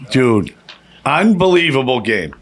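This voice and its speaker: A man telling a long, animated and profane story in a casual podcast chat, acting out quoted lines in a raised voice. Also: mid-range voice, a little slow.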